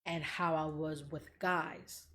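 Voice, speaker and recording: Brief: young woman host, lowish voice, blunt and profane, candid emotional chat. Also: level tone, slow pace, a bit bright. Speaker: podcast host.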